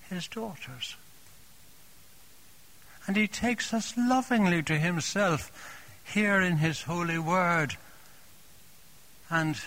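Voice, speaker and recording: Slow, tender-voiced male preacher. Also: fairly high pitch. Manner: gentle, tender, repeats phrases softly; addresses the congregation warmly as dear friends. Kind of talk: sermon.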